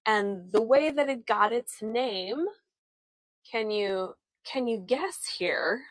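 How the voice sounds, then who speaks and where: Chatty lady tour guide on a phone cam, slow and unhurried, dry close sound, lots of ums. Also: a little high, no room sound, poor audio. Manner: chatty, friendly, many fillers and restarts; laughs often at herself. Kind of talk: live virtual walking tour. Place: outdoors on town streets.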